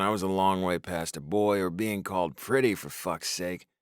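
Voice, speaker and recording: A man's voice: lowish voice, clean tone, no echo, clean studio sound. A man narrating a novel in the first person, with a wry, exasperated storytelling manner. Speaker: audiobook narrator.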